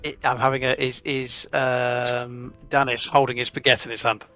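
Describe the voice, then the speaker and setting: Bright, flat-voiced man playing a tabletop game. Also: medium pitch, faint music behind. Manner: halting, many fillers while narrating his actions. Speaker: player voicing Francis. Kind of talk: tabletop game play, casual.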